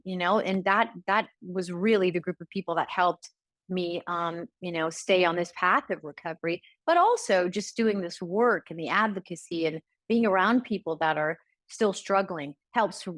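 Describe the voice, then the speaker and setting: A middle-aged woman speaking as a guest in an interview, talking earnestly and haltingly with many fillers. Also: mid-range voice, a bit bright, no echo. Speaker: guest, recovery advocate. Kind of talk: conversational interview.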